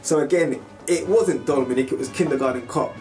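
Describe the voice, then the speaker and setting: A British man telling a story in a casual, animated way to his viewers, now and then breaking into loud film impressions. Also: medium pitch, brisk, distant mic, faint music behind. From United Kingdom. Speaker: vlogger.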